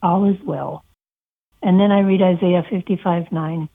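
A woman, a shepherd and author, telling heartfelt stories gently as a guest in a radio interview. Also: fairly low pitch, steady tone, unhurried. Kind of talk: personal testimony in an interview. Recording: tinny phone line.

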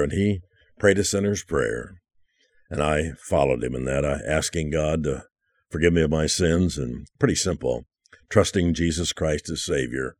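Older man, very low voice, dry close sound, earnest pastor's testimony, hushed at times. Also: moderate pace, dry recording. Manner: earnest, emotional storytelling, drops to hushed tones. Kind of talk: testimony sermon.

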